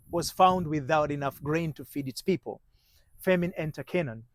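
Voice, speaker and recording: A man coaching on marriage, telling a story in halting sentences with many restarts and dropping to a hushed voice at tense moments. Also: fairly high pitch, dry recording, rough recording. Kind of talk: motivational storytelling talk.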